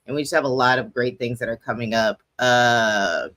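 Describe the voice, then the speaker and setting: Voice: medium pitch, moderate pace, fairly bright tone, no room sound. A forty-year-old host chatting casually on a livestream, rambling and joking at their own expense. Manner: chatty, rambling and self-mocking. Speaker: host of a poetry slam's monthly livestream.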